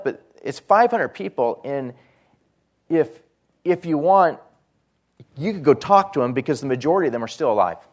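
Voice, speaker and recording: A man preaching a sermon, reading scripture aloud and explaining it earnestly, rising for emphasis and dropping low at phrase ends. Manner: rises in pitch and volume for emphasis, drops low at phrase ends.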